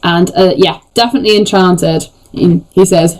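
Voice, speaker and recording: A game master narrating a tabletop game in a relaxed, descriptive way. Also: medium pitch, normal speed, hardly any pauses, poor audio.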